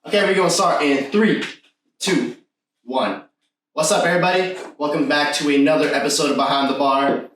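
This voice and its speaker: A man's voice: fairly high pitch, normal speed, a little hiss or hum. Podcast host man in an echoey room. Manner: relaxed, playful banter. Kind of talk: casual chat. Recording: echoey room, mic at a distance.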